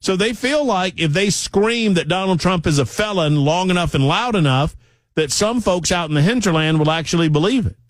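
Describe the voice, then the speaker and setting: A man's voice: high-pitched, dry recording. A man hosting a talk radio show, delivering an emphatic, sarcastic political monologue straight to his listeners on a studio microphone.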